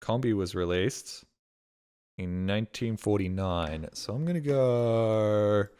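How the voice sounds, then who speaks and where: A man's voice: on the low side, darkish tone, clean tone. A male streamer giving casual gaming commentary, thinking aloud, swearing freely and bragging.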